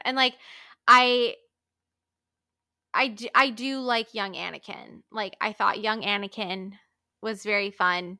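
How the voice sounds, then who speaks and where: A woman in her twenties hosting a casual solo podcast, gushing and animated, full of fillers and little laughs. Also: medium pitch, slow, pauses often, no echo, studio quality. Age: 20s. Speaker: podcast host.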